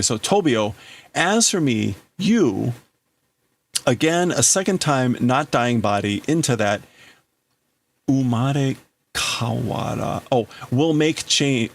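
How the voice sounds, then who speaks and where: A man hosting a livestream, casually translating manga aloud and thinking out loud in broken-up phrases. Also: medium pitch, vocal fry. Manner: thinking aloud, breaking up phrases, laughing at himself. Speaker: livestream host.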